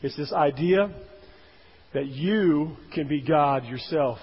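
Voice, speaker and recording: Husky-voiced preacher in a dull echoing hall. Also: male voice, on the high side, slow pace. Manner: emphatic, rising and falling for emphasis. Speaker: pastor. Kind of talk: sermon. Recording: dull, roomy hall sound.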